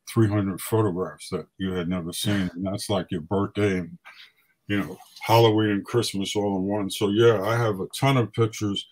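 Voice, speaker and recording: Older man telling animated stories. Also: on the low side, poor audio. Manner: animated storyteller, acts out quotes. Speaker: guest photographer. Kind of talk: casual storytelling.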